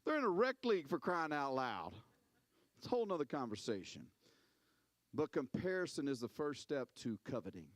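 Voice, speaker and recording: A man preaching a sermon as a pastor, telling stories in an animated way, repeating words and acting out quotes. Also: on the high side, moderate pace, dry recording.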